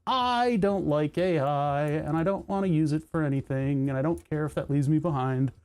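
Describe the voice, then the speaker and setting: A mellow, darker voice belonging to a streamer from Pennsylvania, talking at an even, middling pitch. They chat casually while working at a computer, drifting from one tangent to the next and breaking off their own sentences. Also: moderate pace, clear, resonant tone. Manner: rambling, tangent-prone, self-interrupting.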